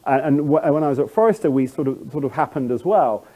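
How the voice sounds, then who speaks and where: A man's voice: fairly high pitch, animated, fast, mellow. A middle-aged man with a standard British English accent giving a chatty, self-deprecating conference talk, full of fillers and restarts. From England. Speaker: conference speaker.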